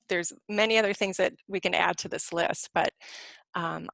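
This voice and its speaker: A middle-aged woman, a clinical social worker and spiritual counselor, giving a live webinar talk from home in a quick, rambling, conversational way with lots of fillers. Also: on the low side, gravelly, fairly bright tone, no room sound.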